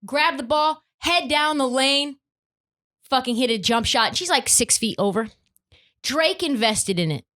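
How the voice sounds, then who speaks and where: A woman's voice: high-pitched, pushed and bright. A young woman hosting a sports podcast, ranting in an emphatic, profane, opinionated way. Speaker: podcast host.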